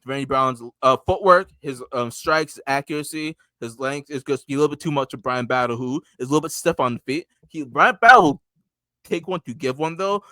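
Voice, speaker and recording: A man co-hosting a casual sports podcast, animated and laughing, breaking his points into short bursts. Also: medium pitch, a little fast, no room sound. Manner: animated, laughing, acts out quotes. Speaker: podcast co-host.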